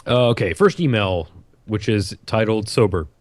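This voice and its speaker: Low, lively man on a dry mic. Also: normal speed, dry recording. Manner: laid-back, brief replies, chuckles. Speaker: podcast co-host. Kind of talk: casual chat.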